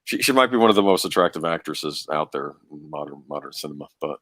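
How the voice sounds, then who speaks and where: A man's voice: a bass voice, expressive, fast talker, a bit bright, dry recording, clean studio sound. A man casually talking through a film rewatch as co-host, rambling with frequent laughs and restarts. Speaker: podcast co-host.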